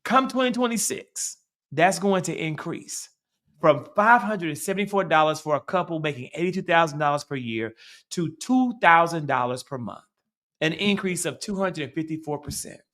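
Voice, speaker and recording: Middle-aged Southern man, co-host; animated, profane, bright tone. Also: fairly high pitch, normal speed. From Mississippi. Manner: animated, rambling, swears freely. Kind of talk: casual political chat.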